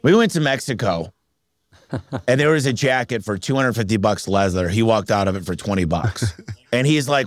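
A man, a business owner, telling stories in a casual interview, energetic and acting out the people he quotes. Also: medium pitch, normal speed, pauses often, no room sound, studio quality. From Michigan. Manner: energetic, animated storyteller who acts out quotes.

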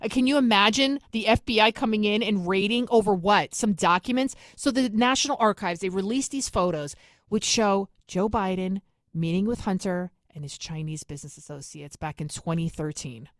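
A woman's voice: medium pitch, no echo, studio quality. A woman from New York City with a New York accent, hosting an opinionated political monologue in an indignant, emphatic way. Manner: indignant, emphatic, rapid asides. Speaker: political commentary host.

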